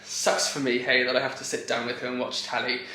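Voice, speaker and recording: A man's voice: medium pitch, monotone, brisk, pushed and bright, roomy sound. A young man chatting casually to camera at home, talkative and rambling with a jokey tone. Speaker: vlogger. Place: kitchen at home.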